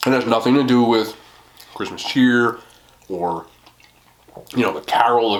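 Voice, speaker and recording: A young man with a mid-pitched voice talks while he eats in a casual mukbang vlog, chatty and easygoing, often laughing and joking at his own expense. He speaks at a normal speed with frequent pauses, and the room sounds like a home space with slight background noise.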